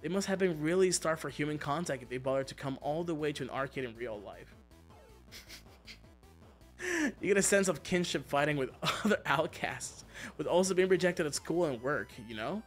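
A man streaming a game, chatting casually and telling stories, excitable and swearing a lot with frequent laughter. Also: fairly high pitch, moderate pace, faint music behind. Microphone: streaming mic.

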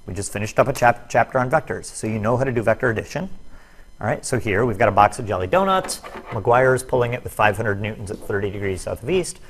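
A man's voice: on the low side, expressive, quick pace, a little hiss or hum. A man teaching a physics lesson on net force, explaining worked problems step by step with jokey, self-deprecating asides. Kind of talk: recorded classroom lesson video.

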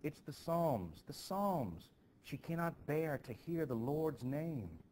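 A man voicing a frantic, fearful Puritan village woman in a high, urgent, dramatic reading. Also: sing-song, slow, mellow, a little hiss or hum. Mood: alarmed.

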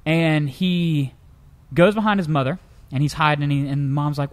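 Lively young-sounding man telling funny stories. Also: normal speed. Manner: lively storyteller, jumps into high pitch for characters. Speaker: co-host. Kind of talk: comedic news-story chat.

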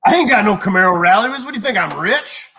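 A man's voice: high-pitched, expressive, quick pace, vocal fry, bright, forceful tone, slight background noise. A man hosting a car repair livestream, trading wry, joking banter in casual chat. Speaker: car repair channel host.

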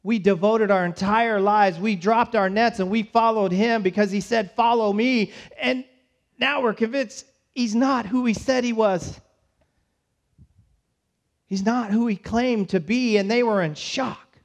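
Man, pastor, high voice, storytelling sermon, conversational, church. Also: steady tone. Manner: storytelling, voices the disciples' panic in quick asides.

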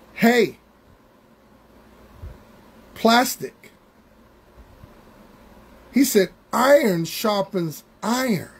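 A man preaching a Bible study sermon, drawing words out slowly for emphasis and calling out to members of the congregation. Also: very high-pitched, husky. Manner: preaching with slow, drawn-out emphasis and call-outs to congregation members.

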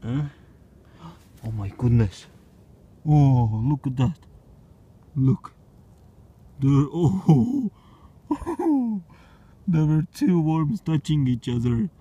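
Slow, mellow-voiced man musing outdoors. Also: on the high side, animated, husky. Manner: hesitant, wondering, with bursts of mooing, barking and meowing. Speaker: vlogger. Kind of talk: casual experiment commentary. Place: outdoors at night.

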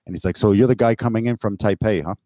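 A man from Canada tells stories over a remote call in a very deep voice, close and dry with no room sound. He talks casually and lets his voice jump up when he acts out what people said to him, swearing along the way. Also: fast talker, no echo. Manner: animated, swears, acts out quoted exchanges with rising pitch. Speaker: podcast guest. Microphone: remote call mic.

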